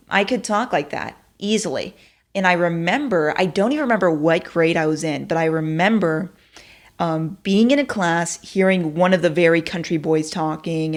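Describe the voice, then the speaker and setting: A woman's voice: lowish voice, moderate pace. A woman from Texas hosting a show, talking in a chatty, self-deprecating way full of fillers. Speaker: show host. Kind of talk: casual commentary.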